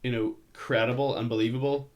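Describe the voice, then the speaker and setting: A man's voice: mid-range voice, steady tone, a little fast, darkish tone. A middle-aged man co-hosting a podcast, chatting casually about movies and rambling with many fillers. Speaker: podcast co-host.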